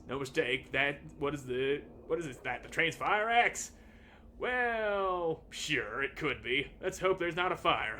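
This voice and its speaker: A man narrating his own gameplay in a casual, sarcastic manner, swearing freely. His voice is fairly high and very bright, with a faint hiss of noise behind it. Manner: sarcastic, swears, reads dialogue aloud. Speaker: let's play host.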